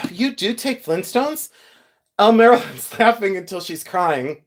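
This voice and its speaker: A man's voice: sits high, expressive, normal speed. Chatty self-mocking man streaming live. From Ohio. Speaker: livestream host. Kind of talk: casual live stream chat with viewers.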